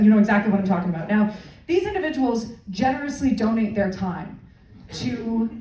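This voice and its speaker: Woman, young, from Canada, stand-up comedian, sarcastic, fairly high voice, roomy echo. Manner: sarcastic, acts out loud fans in shrill voices. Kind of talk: live stand-up set. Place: comedy stage before a live audience. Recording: echoey room, far from the mic.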